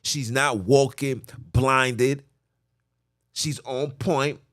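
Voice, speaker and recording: A man's voice: mid-range voice, very slow, no echo, clean studio sound. Slangy New man telling stories. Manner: animated storytelling, street slang. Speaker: podcast host. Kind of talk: casual religious talk.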